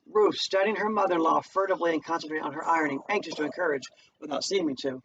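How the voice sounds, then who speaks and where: A man, a teacher, reading a play aloud at home in a plain, unhurried way. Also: fairly high pitch, steady tone, gravelly, a bit bright. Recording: distant muffled home recording, faint noise.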